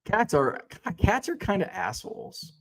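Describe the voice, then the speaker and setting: A man in his thirties hosting a casual livestream, reading viewer comments aloud and chatting in a relaxed, rambling way, with lots of fillers and restarts, a little tired. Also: high-pitched, a little slow, vocal fry. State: yawning, tired. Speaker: card-collecting livestream host.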